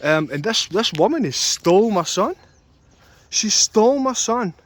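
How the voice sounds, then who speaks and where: A man's voice: high voice, big pitch swings, unhurried. Agitated man ranting. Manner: agitated, repetitive, swearing. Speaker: vlogger. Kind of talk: angry personal rant.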